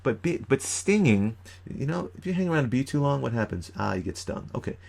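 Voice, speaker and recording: A man giving an animated, emphatic youth ministry training talk, with sudden loud bursts. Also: medium pitch, brisk, gravelly. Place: lives in New York.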